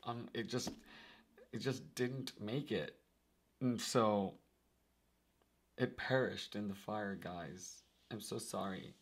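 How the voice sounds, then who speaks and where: A man in a casual vlog, speaking slowly and warmly animated. He laughs often and addresses his viewers directly as "guys". A faint background hiss sits under the recording. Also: on the low side. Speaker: tarot video host.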